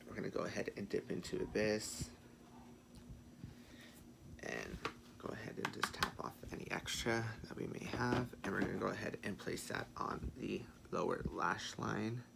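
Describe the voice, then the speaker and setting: A man chatting through a makeup tutorial in a sassy, playful way, swearing freely and muttering quiet asides to himself. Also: fairly low pitch, vocal fry, noisy background. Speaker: makeup vlogger.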